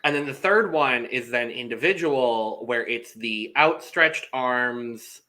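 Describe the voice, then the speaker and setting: Brief: male co-host, bright and forceful tone, animated and dramatic chat, quick to laugh. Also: medium pitch. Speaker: podcast co-host. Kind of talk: casual reality TV recap chat.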